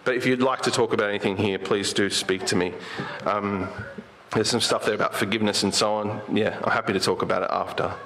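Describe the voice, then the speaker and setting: A man preaching a sermon in a conversational way. He often asks rhetorical questions and slows down and rises when he quotes scripture. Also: lowish voice, fairly even intonation, fairly bright tone, slight background noise. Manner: slows down and lifts his voice when quoting Jesus.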